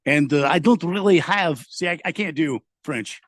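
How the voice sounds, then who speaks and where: A man hosts a relaxed radio talk show, his voice a touch higher than most men's. He drifts through listener messages with loose fillers and restarts. The sound is close and dry, with no room around it. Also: moderate pace, few pauses, dry recording. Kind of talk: casual radio chat, reading listener messages. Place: home studio in Arizona.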